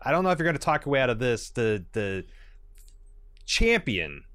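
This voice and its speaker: A man's voice: mid-range voice, very animated, normal speed, fairly bright tone, no room sound. A man co-hosting a podcast, rambling and restarting his sentences in casual chat. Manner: rambling, hesitant, many fillers and restarts. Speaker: podcast co-host.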